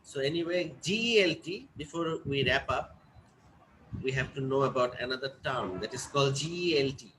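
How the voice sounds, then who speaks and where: A man's voice: mid-range voice, animated, moderate pace, fairly bright tone, a little hiss or hum, rough recording. A man lecturing a class, often repeating points and checking that students follow. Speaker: teacher.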